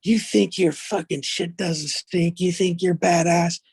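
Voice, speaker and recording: Man doing an angry shouting football coach. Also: sits high, fairly even intonation, unhurried, vocal fry, husky, dry recording, studio quality, pitched above the performer's own voice, exaggerated voice. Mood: scolding. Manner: shouting, scolding. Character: angry male football coach yelling at a player.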